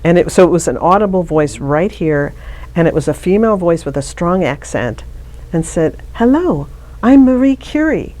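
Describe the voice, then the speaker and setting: Low-voiced woman telling a story. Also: normal speed, a little mellow. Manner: chatty storyteller, frequent restarts. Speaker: interview guest. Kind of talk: casual interview conversation.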